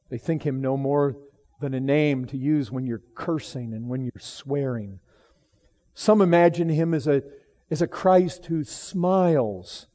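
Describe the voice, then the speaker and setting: A middle-aged man preaching a sermon with emphatic delivery, swinging from low, solemn tones to loud exclamations and often repeating and restarting phrases.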